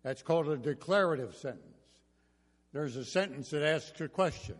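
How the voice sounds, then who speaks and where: An older man preaching a sermon in a church, telling homespun stories with gentle jokes. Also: a little high, animated, normal speed. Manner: folksy storytelling with jokes. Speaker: pastor. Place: church sanctuary. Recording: reverberant church hall.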